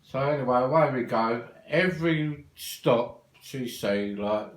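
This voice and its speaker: A man's voice: mid-range voice, unhurried, echoey room, low-quality recording. An older man with a London accent telling a long rambling family anecdote in a casual, swearing, cheerful way. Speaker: storyteller.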